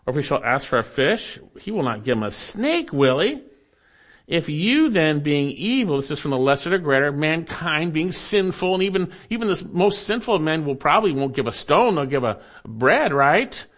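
A man's voice: on the high side, sing-song, moderate pace, a bit bright. A man preaching a sermon to his congregation, reading scripture aloud and earnestly repeating his key phrases. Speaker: pastor.

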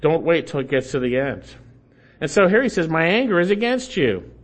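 A man with a fairly high voice preaches an expository sermon. He works through the text line by line, pauses to explain Hebrew grammar, and drives his points home by repeating short phrases with growing force. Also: very animated. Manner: emphatic, repeats key phrases with rising force. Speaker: pastor.

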